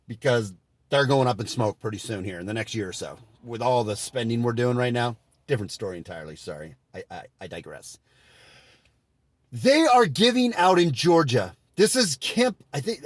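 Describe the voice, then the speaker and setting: A man hosting his own video channel, ranting sarcastically in a rambling way that swings between loud and soft. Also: medium pitch. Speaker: vlogger host. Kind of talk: casual commentary rant.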